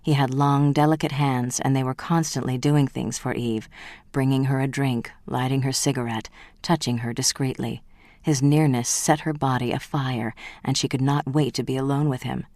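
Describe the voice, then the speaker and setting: Brief: steady novel narrator, mid pitch, close and dry. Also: moderate pace, no room sound. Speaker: audiobook narrator. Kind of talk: scripted narration.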